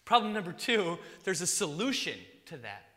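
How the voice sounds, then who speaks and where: A male preacher with a high, bright, lively voice delivers a sermon. He swings from loud emphasis down to soft near-whispers. A long hall reverb trails his words. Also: normal speed. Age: young adult to middle-aged, a father.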